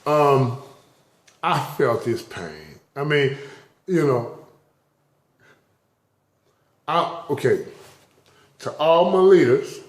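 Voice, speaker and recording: A man's voice: on the high side, lively intonation, extremely slow, long pauses, roomy sound. A man vlogging casually, rambling with stuttered restarts and openly emotional, laughing and tearing up as he talks. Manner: rambling, repeats words in restarts. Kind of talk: casual spoken vlog.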